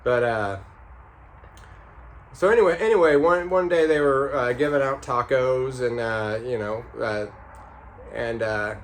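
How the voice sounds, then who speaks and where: A man telling a story casually, rambling and halting with many fillers and restarts. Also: medium pitch. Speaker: vlogger.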